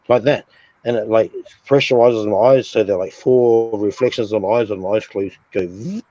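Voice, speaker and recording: A man's voice: medium pitch, moderate pace, dark tone, dry recording. A man telling a sleep paralysis story on a casual stream, swearing a lot and acting out sounds and his own reactions. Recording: dull lo-fi stream audio.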